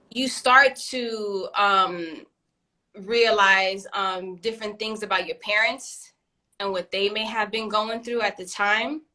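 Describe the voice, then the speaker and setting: Animated New York mom, bright voice. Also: female voice, medium pitch. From East New York, Brooklyn. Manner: animated, swearing, acting out scenes with laughs. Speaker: podcast co-host. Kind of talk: casual chat.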